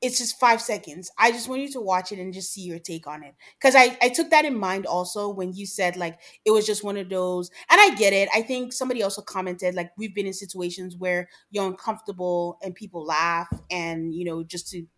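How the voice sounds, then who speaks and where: A woman's voice: medium pitch, a little fast, hardly any pauses, a bit bright. A woman co-hosting a podcast in a casual chat, emphatic and opinionated as she argues her view. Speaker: podcast co-host.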